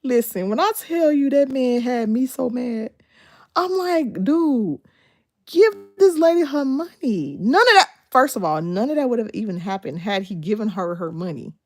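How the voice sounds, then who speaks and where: Animated woman chatting on a livestream. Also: on the high side, normal speed. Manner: animated, laughs often, talks back to the screen. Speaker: livestream host. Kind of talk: casual livestream chat. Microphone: phone.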